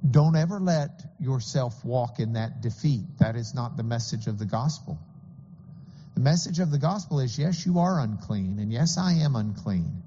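A man's voice: mid-range voice, animated, moderate pace, dark tone, big-room sound, dull audio, a little hiss or hum. A man preaching a sermon as pastor, earnest and explanatory, with occasional stammering restarts.

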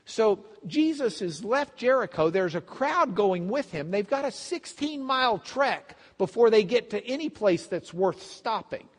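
A man teaching a Bible class as a pastor, telling the story with lively acted-out voices. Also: high-pitched, a little slow, few pauses, big-room sound. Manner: animated storytelling, acts out voices of the crowd and blind men. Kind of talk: sermon.

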